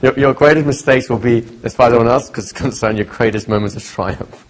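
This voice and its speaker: A man teaching a live hypnosis workshop, telling stories with lively acted-out quotes. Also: mid-range voice, fast. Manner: lively storytelling, acts out quotes. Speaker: hypnosis trainer. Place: training seminar room.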